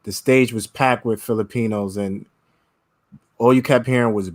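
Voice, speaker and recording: A man who has called into a live stream, chatting in a relaxed, slangy way and laughing easily. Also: mid-range voice, brisk. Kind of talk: casual live-stream chat.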